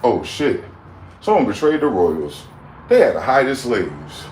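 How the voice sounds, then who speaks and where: A man's voice: big pitch swings, unhurried. Ranting man in his forties, echoey room. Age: 40s. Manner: heated, swings from loud outbursts to low mutters. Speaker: livestream host. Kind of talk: profane rant. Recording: echoey room with faint background noise.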